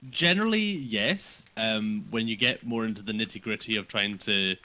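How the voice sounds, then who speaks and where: A man playing in a tabletop game, explaining his character with many pauses and apologies. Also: fairly low pitch, pushed and bright, low-quality recording. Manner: hesitant, full of ums and apologies. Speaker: player. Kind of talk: casual chat at a tabletop game.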